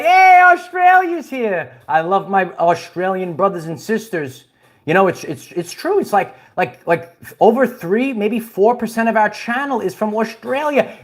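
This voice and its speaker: A man hosting a casual spiritual livestream, rambling with many restarts and chuckles while he greets viewers and reads their comments. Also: high voice. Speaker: livestream host.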